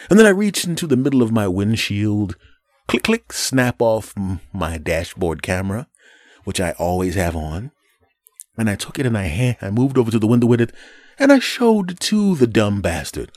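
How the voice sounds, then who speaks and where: A man with a very deep voice hosts his own podcast, talking alone in a crude, joking, rambling way. The sound is dry and close, with no room around it. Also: big pitch swings, normal speed, darkish tone, no echo. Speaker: podcast host. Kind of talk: casual solo podcast monologue.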